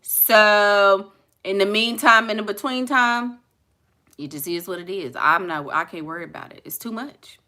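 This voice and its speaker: A woman's voice: mid-range voice, moderate pace, bright, forceful tone. A young woman with a Southern accent from Houston, chatting casually and bluntly with her viewers, laughing and reacting to their comments. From Houston, Texas. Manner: blunt, laughing, talks back to chat. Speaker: vlogger reading live comments. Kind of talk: casual chat.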